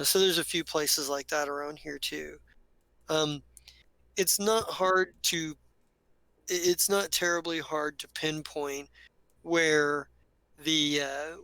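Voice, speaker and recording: Bright-voiced rambling man game master. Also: a little high, no echo, rough recording. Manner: rambling, many fillers and restarts. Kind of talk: narrating a tabletop game.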